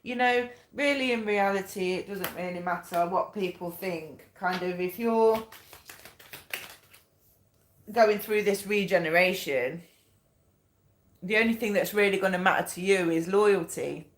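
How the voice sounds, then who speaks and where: A woman's voice: mid-range voice, moderate pace, slight background noise. A woman talks through a tarot reading in a loose, chatty way. She repeats her points and swears bluntly at times. Her mid-range voice rings in an echoey room. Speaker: tarot reader. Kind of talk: casual spoken tarot reading.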